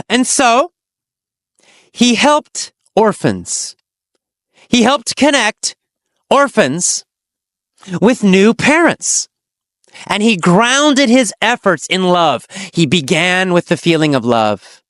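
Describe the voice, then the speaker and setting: An English teacher telling a teaching story, asking simple questions and answering them, with slow, exaggerated storytelling and dramatic pitch swings. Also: big pitch swings, a bit bright, dry recording, clean studio sound.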